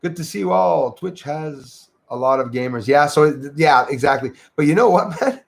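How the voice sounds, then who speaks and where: A man's voice: a little high, animated, normal speed, vocal fry. A man hosting a livestream, chatting casually and greeting viewers by name as he rambles along. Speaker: livestream host. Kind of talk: casual chat reading out viewer comments.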